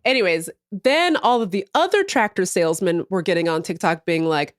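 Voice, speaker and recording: Lively, laughing woman podcast host. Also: fairly low pitch, brisk, no room sound, studio quality. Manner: animated storyteller, laughs often, acts out voices. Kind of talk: casual comedic chat.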